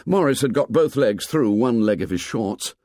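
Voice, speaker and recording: This audiobook narration features a man reading a novel in a mid-range voice, with careful pacing and expressive storytelling. There's no room sound, and the studio quality is clean.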